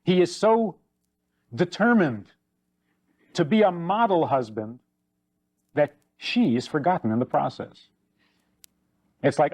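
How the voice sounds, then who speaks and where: Animated rabbi lecturing, somewhat high-voiced man. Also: a little slow, pauses often. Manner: animated, acts out anecdotes with shifting voices; emphatic repetition. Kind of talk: spoken lecture on faith.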